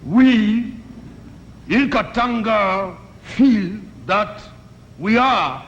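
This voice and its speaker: A man's voice: high-pitched, lively intonation, highs cut off, background noise, full character voice. A man doing a pompous grandiose diplomat. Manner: slow, grandiose, halting speech. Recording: echoey old television broadcast.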